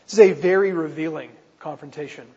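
A man's voice: a little high, brisk, darkish tone, slightly rough. A man preaching a sermon as pastor, earnest and driving his points home with rhetorical questions, in a church. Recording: reverberant hall, muffled sound.

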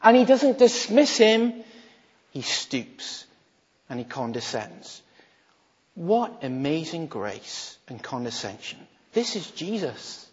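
A man, a minister, preaching a sermon with rhetorical questions, swinging between emphatic lines and hushed quoted words. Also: on the high side, sing-song, takes it slowly, breathy edge. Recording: muffled, echoey hall recording.

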